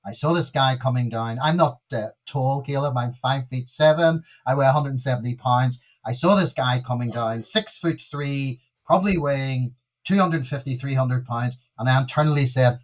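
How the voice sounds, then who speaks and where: A man's voice: mid-range voice, moderate pace, hardly any pauses. A man in his sixties with a Northern Irish accent, a minister telling stories with emphatic, preacherly stress as a podcast guest. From Northern Ireland. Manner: emphatic, preacherly, repeats key words for stress. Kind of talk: storytelling in a podcast interview.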